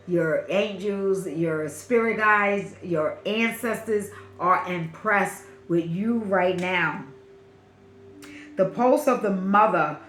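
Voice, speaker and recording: A woman with a Brooklyn accent gives a spiritual reading, repeating and stretching her phrases with warm emphasis. Her voice sits at an everyday middle pitch. It rings in a roomy space over a faint background hiss. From Brooklyn, New York. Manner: repetitive, affirming, drawn-out and emphatic. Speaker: spiritual reader.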